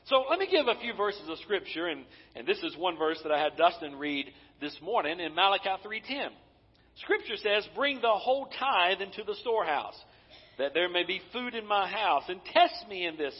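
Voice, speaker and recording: A man's voice: sits high, breathy edge. A man preaching a sermon as pastor, speaking with emphasis and putting questions to his congregation. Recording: dull recording with long hall reverb.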